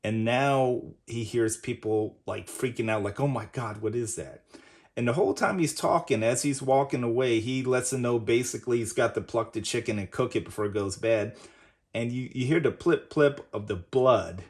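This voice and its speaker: A man's voice: mid-range voice, normal speed. A man hosting a casual comic book review, rambling and leaning on "basically" as he retells the story. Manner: rambling, says "basically" often.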